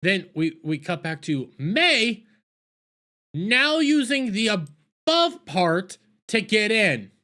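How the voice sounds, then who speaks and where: A man's voice: sits high, big pitch swings, slow, sharp tone. A man reviewing a series on his channel, rambling through a casual episode recap with stammers, repeated words and wry asides. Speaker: video reviewer.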